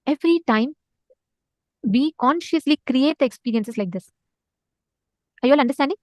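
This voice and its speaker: A woman's voice: high voice, expressive, normal speed, a little mellow, dry recording. A woman with an Indian English accent teaching a live online spiritual session, earnestly urging listeners to respond.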